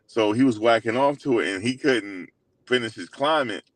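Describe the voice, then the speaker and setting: A young man hosting his own channel, retelling a story in a loose, slangy way full of fillers, animated and incredulous as he quotes others. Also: mid-range voice, moderate pace, no echo. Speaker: host. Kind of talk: casual storytelling recap.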